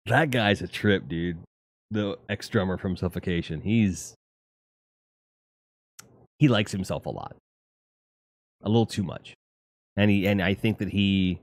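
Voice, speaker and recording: A streamer host with a lowish voice rambles through a casual live stream, swearing freely and offering animated opinions. The sound is dry and close, with no room sound.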